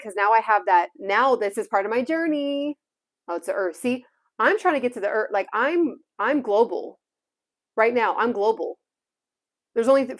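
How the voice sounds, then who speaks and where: A young woman with a Californian Valley girl accent, chatting casually on a livestream and saying "like" constantly. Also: a little high. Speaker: YouTuber livestreaming to viewers.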